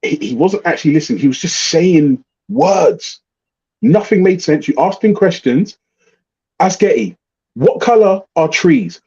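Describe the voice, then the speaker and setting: Middle-aged host, dark husky voice, lively pitch, muffled lo-fi stream audio, blunt and sweary. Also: male voice, moderate pace. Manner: blunt, swearing, animated storytelling. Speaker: livestream host. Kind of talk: casual ranting chat.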